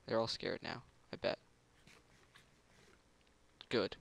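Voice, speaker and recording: A man's voice: medium pitch, takes it slowly, vocal fry, bright, forceful tone, dry recording. A man giving casual commentary over a video game, muttering to himself, humming little tunes and bursting into gloating. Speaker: gameplay commentator.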